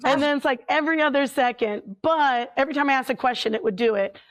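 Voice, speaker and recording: A woman telling a story in a chatty, animated way as a paranormal investigator guest, full of filler words. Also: sits high, fast talker. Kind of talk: casual storytelling.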